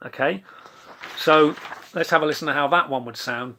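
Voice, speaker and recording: A male saxophone teacher giving a relaxed lesson, chatting casually and scat-singing rhythm syllables to demonstrate, with self-deprecating asides. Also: on the high side, moderate pace, pauses often, a little hiss or hum. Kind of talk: relaxed instructional talk.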